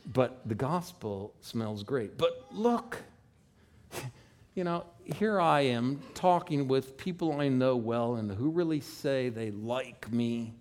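A man's voice: medium pitch, lively intonation, slow pace, darkish tone. A man, likely a pastor, preaching a sermon in a folksy way with asides and rhetorical questions.

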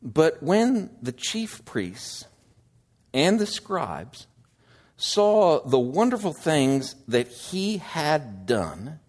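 Slow, expressive male preacher. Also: on the high side. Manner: slow, deliberate, swings from loud emphasis to hushed asides. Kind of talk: sermon.

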